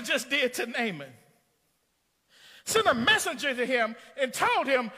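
A male pastor preaching a storytelling sermon, rising into shouts. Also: very high-pitched, big pitch swings, unhurried, husky, big-room sound.

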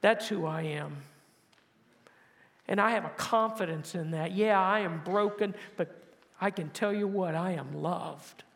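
Delivering a sermon as pastor, a man rises to forceful, louder lines before sinking quiet and low to close each point. He speaks unhurriedly, with vocal fry. The recording carries a long hall reverb.

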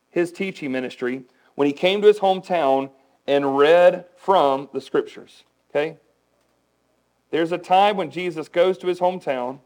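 A man preaching a sermon as pastor, conversational and animated, asking the congregation questions. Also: sits high, low-quality recording.

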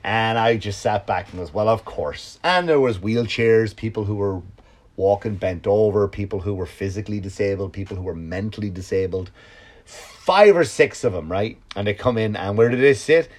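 A man, a comedian and podcast host, telling a story in a casual, profane monologue that swings from loud outbursts to low mutters. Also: moderate pace.

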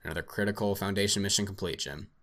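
A man's voice: sits low, fairly even intonation, fast talker, a bit bright. A man voicing a brash, profane male field agent who swears and wisecracks. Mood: wry.

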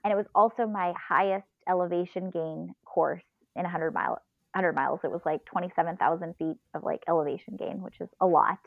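A woman telling a long personal story in a casual, animated way, laughing and acting out her own inner voice. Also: lowish voice, brisk, creaky, dry recording, phone-quality sound. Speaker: podcast guest, ultrarunner.

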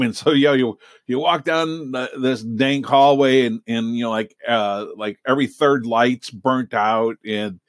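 A man's voice: medium pitch, no room sound. Middle-aged male storyteller, casual and rambling, mid-range voice, dry recording. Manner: rambling, many fillers and restarts. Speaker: hypnotist and podcast host.

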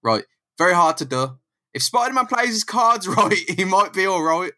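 A man's voice: high voice, animated, moderate pace, bright, forceful tone. A man co-hosting a podcast, reacting to the story and riffing on scenes with jokes. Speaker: podcast co-host. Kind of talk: casual chat about a comic book.

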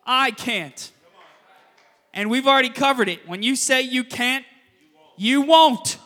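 A man preaching a sermon as pastor, telling the story with sudden loud emphasis and quiet, quick asides. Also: very high-pitched, long reverb tail. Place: church sanctuary.

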